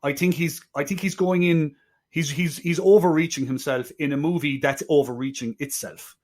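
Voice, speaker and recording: A man's voice: on the high side, steady tone, darkish tone. A man co-hosting a film podcast, talking casually with lots of restarts and wry asides. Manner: halting, many restarts, wry. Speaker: podcast co-host.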